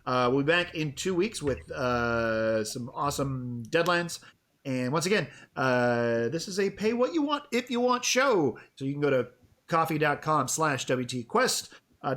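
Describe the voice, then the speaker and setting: A man's voice: a little high, a bit bright. A man hosting the sign-off of a tabletop game stream, upbeat and easy-going. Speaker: player and stream host.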